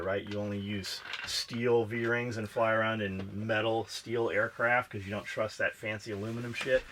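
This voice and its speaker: Bright-voiced profane podcast co-host man. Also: mid-range voice, a little hiss or hum. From Pennsylvania. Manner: profane, joking, reads listener comments. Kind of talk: casual chat.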